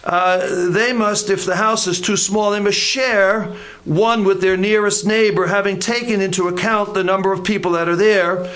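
High-voiced man preaching a sermon. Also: steady tone, a bit bright. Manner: deliberate, repetitive emphasis, folksy asides. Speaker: pastor.

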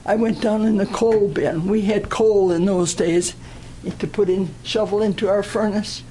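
An older woman giving a personal testimony at a church gathering, telling her story in an earnest, deliberate way. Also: medium pitch, fairly even intonation, warm tone, a little hiss or hum, low-quality recording.

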